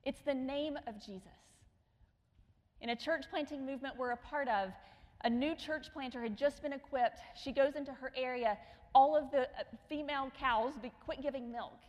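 A woman's voice: high voice, normal speed. Woman preaching in an echoing hall. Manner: storytelling with acted quotes, dropping to hushed tones. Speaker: missionary speaker. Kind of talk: sermon storytelling. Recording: long hall reverb.

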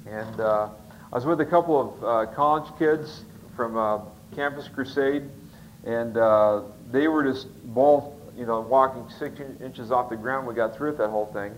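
Male pastor, rambling sermon story, folksy, lots of uhs, medium pitch, faint hiss behind. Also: moderate pace, rough recording. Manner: rambling, many fillers and restarts, folksy.

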